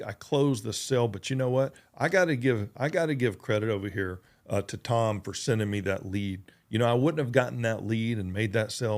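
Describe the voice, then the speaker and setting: A man hosting a motivational podcast, speaking in an earnest, emphatic way. He repeats his points for emphasis, and his pitch sits in an ordinary middle range. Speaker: podcast host.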